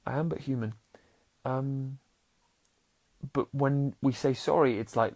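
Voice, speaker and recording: A man hosting a casual motivational podcast as a happiness coach. He talks earnestly and restarts often, swinging between loud bursts and soft, sincere stretches. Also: medium pitch, fairly even intonation, slow pace, long pauses. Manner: swears casually and addresses listeners as warriors.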